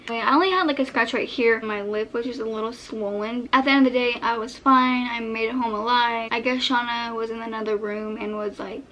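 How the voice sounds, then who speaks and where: A young woman in a casual storytime vlog, retelling events with animated acting-out of her own past lines. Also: a little high, fast, few pauses, dull audio. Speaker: vlogger.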